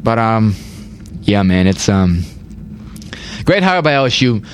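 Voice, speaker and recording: A man's voice: fairly low pitch, very animated, slow. Rambling young man talking sports. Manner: rambling, repeats words, says "like" and "bro" a lot. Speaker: podcast host. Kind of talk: casual sports chat.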